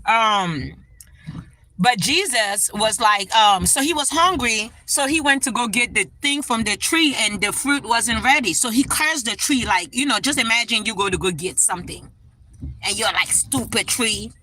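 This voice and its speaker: Woman musing on a livestream, bright-voiced. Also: fairly high pitch, animated, normal speed, a little hiss or hum, low-quality recording. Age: adult parent. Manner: emotional, tearful at times, many "right?" asides. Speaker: livestream host. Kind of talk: casual spiritual livestream chat.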